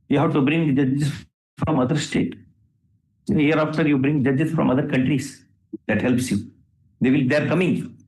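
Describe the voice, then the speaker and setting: The courtroom sounds spacious as a judge with an Indian English accent, his voice on the high side with a darkish tone, delivers remarks from the bench. He berates and lectures the lawyers, relying on rhetorical questions.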